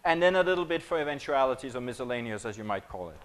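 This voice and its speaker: A man's voice: medium pitch, expressive, very fast, poor audio. A man giving a conference presentation. He talks conversationally, asking the audience questions and joking. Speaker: keynote speaker on marketing.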